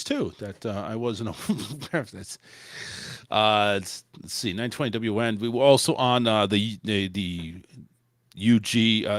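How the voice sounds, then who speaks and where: A man's voice: medium pitch, a bit bright, dry recording, studio quality. A man hosting a casual talk show, rambling with restarts and the odd curse. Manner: loose, rambling delivery with frequent restarts and mild swearing. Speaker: podcast host. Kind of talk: casual chat.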